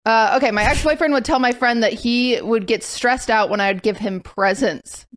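A woman's voice: on the high side, moderate pace, fairly bright tone, no echo, clean studio sound. A woman hosting a casual chat podcast, talking animatedly and rambling with restarts. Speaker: podcast host.

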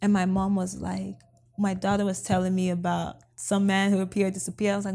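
A woman's voice: medium pitch, steady tone, fairly quick, gravelly. A woman from Nigeria, a pastor and podcast guest, telling a story animatedly and acting out her own past words.

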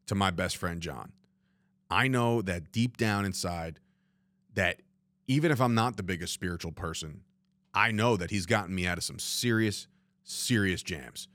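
Low-voiced candid New man podcasting. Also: a bit bright, dry recording. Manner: candid and rambling, swearing, frequent "you know what I mean". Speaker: podcast host. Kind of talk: reflective solo podcast monologue. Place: studio room, alone.

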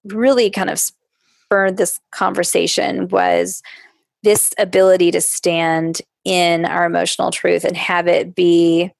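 Woman podcast co-host, gravelly fry, dry close sound, reflective. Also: fairly low pitch, level tone, dry recording. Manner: reflective, conversational, drawn-out stresses. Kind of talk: casual podcast conversation.

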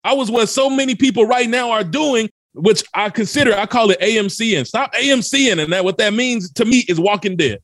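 A man's voice: high-pitched, brisk, hardly any pauses, a bit bright, no room sound, studio quality. A man from Memphis, telling a story as a podcast guest with urgent, emphatic energy. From Memphis, USA. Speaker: podcast guest, motivational speaker. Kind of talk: dramatic personal storytelling.

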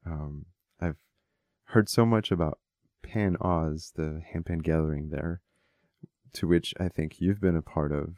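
A man with a deep, mellow voice talks as a podcast guest. He lays out ideas in a thoughtful, measured way. The recording is close and dry. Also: fairly even intonation, dry recording. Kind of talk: casual conversation.

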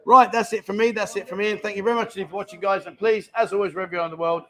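A man's voice: high voice, fairly even intonation, rapid-fire, fairly bright tone. A man hosting a casual live-stream chat from a bar, jokey and chatty as he reads out viewer questions. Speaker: host. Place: indoor bar.

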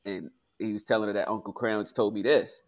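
A man's voice: fairly low pitch, fairly even intonation, fast talker. Man telling a family story with laughs. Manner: colloquial storytelling, laughs through punchlines. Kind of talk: casual chat.

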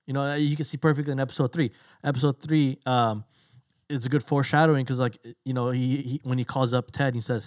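A man co-hosting a podcast, chatting casually and loosely retelling scenes with quick voiced asides. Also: mid-range voice, steady tone, dry recording, studio quality. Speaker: podcast co-host. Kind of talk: casual chat.

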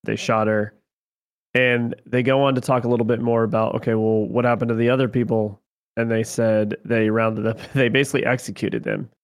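A man's voice: fairly low pitch, a little fast. Man retelling a show scene. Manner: animated retelling, acts out quotes. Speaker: podcast co-host. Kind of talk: casual recap chat.

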